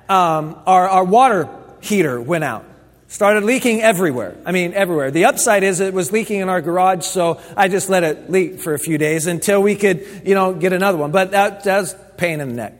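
Preaching a sermon, a pastor with a high voice tells stories at a moderate pace in a casual, conversational style, often restarting his sentences. A long hall reverb surrounds his words.

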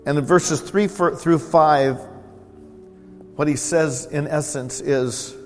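A man's voice: fairly high pitch, takes it slowly, big-room sound, soft background music. A male pastor preaching a sermon in a church, with a conversational style that keeps repeating words for emphasis. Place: church sanctuary.

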